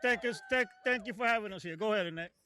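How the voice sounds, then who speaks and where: Guy emceeing a rally, high bright voice, quick shoutouts, sounds a bit off mic. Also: slight background noise. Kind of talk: announcing speakers.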